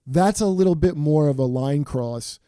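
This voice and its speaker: A man's voice: a little high, moderate pace, warm tone, clean tone, no echo, studio quality. A man hosting a comedy podcast, ranting in a profane, emphatic way. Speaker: podcast host. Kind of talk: casual comedy podcast banter.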